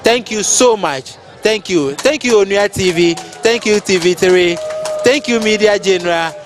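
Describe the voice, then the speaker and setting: Effusive man speaking slowly outdoors. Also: high-pitched, music in the background. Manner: effusive, repeating thanks. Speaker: festival speaker thanking sponsors. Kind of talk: emotional public speech. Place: outdoor festival grounds.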